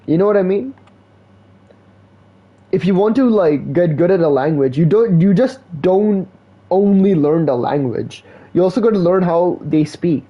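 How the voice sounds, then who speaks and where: A man's voice: high voice, lively intonation, a little slow, highs cut off. A man streaming live, chatting casually in a slangy, laid-back way, full of "bro" and "like". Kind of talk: casual rambling stream chat.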